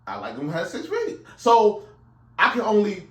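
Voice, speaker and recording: A man co-hosting a podcast in loud, profane casual chat, laughing often. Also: high voice, huge pitch swings, normal speed, echoey room. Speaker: podcast co-host.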